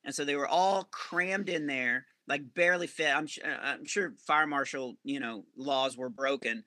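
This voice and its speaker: A male comedian telling rambling, animated stories as a podcast guest. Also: medium pitch, moderate pace, dry recording. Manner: animated, rambling anecdotes with self-corrections. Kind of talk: storytelling podcast interview.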